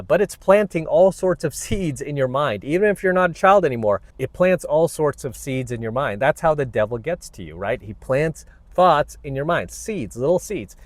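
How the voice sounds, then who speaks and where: A man's voice: mid-range voice, no echo. A man hosting his own channel, ranting to camera in a blunt, preachy, combative way. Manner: blunt, combative and preachy, many "you know what"s. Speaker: vlogger, self-help channel host.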